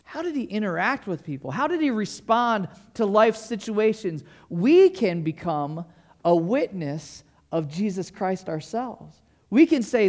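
A man's voice: sits high, big pitch swings, unhurried, vocal fry. A male pastor preaching a sermon to his congregation in a casual, enthusiastic way, often asking the listeners questions. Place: church service.

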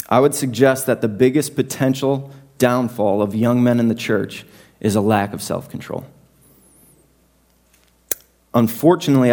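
Young man preaching a casual sermon. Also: mid-range voice. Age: young adult. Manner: conversational, self-deprecating, animated asides. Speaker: pastor.

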